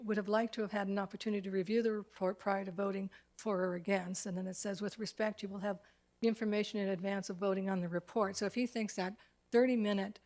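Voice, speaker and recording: A woman town councillor speaking in a council meeting, frustrated and emphatic, repeating her points as she objects. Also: medium pitch.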